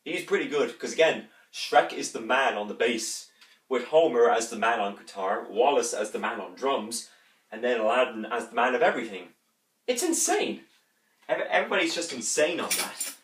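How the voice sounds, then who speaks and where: A man talks through an unboxing in a rambling, excited way, humming and thumping out instrument parts as he goes. He sits well back from the mic in a room with a roomy echo. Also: mid-range voice, moderate pace, distant mic. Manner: enthusiastic, rambling, imitates instruments with his voice. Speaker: music reviewer.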